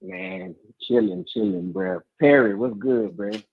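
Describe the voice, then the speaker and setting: A man in his thirties, a teacher and co-host, telling stories in casual slangy chat and acting out quotes with lively voices. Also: medium pitch, measured pace, creaky, no echo, phone-quality sound. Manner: animated storytelling, slangy, acts out quotes.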